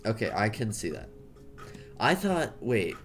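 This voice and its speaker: A man's voice: fairly low pitch, big pitch swings, a little slow, soft background music. A man with an American accent chatting casually while he draws, rambling, jokey and correcting himself. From United States. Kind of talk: casual chat while drawing.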